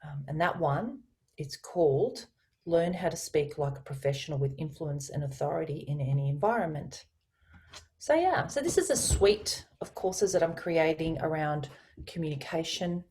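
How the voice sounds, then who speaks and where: A woman with a low voice and a mellow, warm tone. She explains her coaching ideas with lively, enthusiastic emphasis, as a guest on a video call. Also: moderate pace. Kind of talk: guest in a business interview.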